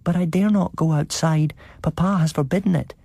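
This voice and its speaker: A small, innocent boy in a spoken ghost story, performed by a man, talking timidly in a high, little voice. The pitch sits far above the reader's own low register. It keeps a faint huskiness and a dry, close sound. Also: moderate pace, gravelly, warm tone, dry recording.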